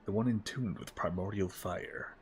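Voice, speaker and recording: A man's voice: deep voice, normal speed, slightly rough. A man streaming a video game as a VTuber, commenting casually in a joking, offhand way with some swearing. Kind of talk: casual gameplay livestream commentary.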